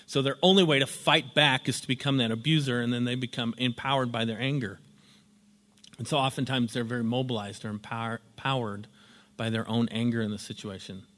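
A man's voice: medium pitch, fairly bright tone, in a large hall. A man giving a casual workshop lecture in a sunlit room, talking conversationally and often saying "you know". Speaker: workshop instructor.

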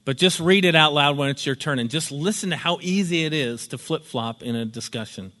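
Brief: relaxed man teaching a workshop, bright tone, reverberant meeting room. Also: on the high side, a little fast. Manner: conversational, frequent "you know". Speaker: workshop instructor. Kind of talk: casual classroom lecture.

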